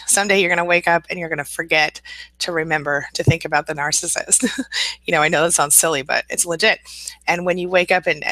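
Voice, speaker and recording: A woman from the American Midwest hosting a casual live stream, reading viewer comments aloud and answering them in a warm, reassuring, chatty way with fillers and repeats. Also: low-pitched, dry recording, poor audio.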